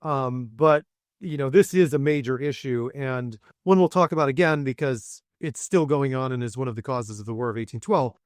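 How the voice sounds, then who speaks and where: A man's voice: mid-range voice, normal speed, no room sound, studio quality. A man hosting a history podcast, talking in a loose, chatty way with many fillers and restarts. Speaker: podcast host. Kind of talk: conversational history interview.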